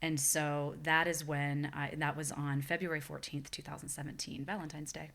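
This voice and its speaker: This podcast guest, a woman in her forties, speaks earnestly and reflectively about her own experience. She has a low, creaky, fairly bright voice, delivered flatly at ordinary speed.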